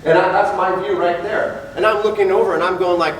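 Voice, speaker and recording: Fairly quick and with few pauses, a high-voiced man speaks with fairly even intonation. He's a police officer telling an audience his story candidly and acting out the people he quotes, recorded in an echoey hall far from the mic, with faint ambience and slight background noise.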